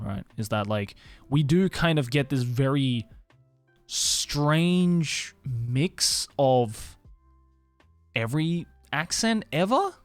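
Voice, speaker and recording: A man's voice: medium pitch, dry recording. A man from Australia with an Australian accent, chatting casually with stream viewers, tired, rambling and swearing casually. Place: Tokyo.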